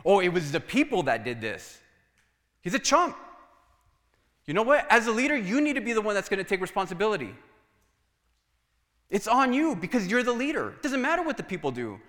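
A man's voice: sits high, fairly quick, pauses often. A male pastor preaching a sermon in a church, telling stories and acting out conversations. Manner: animated storytelling, acts out dialogue. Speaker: guest pastor. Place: church sanctuary. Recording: church hall reverb.

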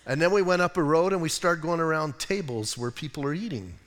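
A pastor preaching a conversational sermon, often saying "listen" and dropping in joking asides. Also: male voice, fairly high pitch, a little fast, fairly bright tone, big-room sound. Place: church sanctuary.

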